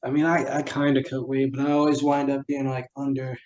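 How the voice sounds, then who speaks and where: A man's voice: medium pitch, monotone, brisk, a little mellow, muffled recording. A young man with a New York accent hosting a casual podcast chat, easygoing, laughing often and searching for words. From New York City. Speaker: podcast host.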